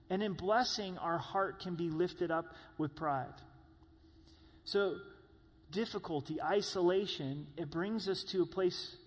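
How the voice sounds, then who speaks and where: A man preaching a sermon, who rises to loud high cries when he voices pleas. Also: long reverb tail.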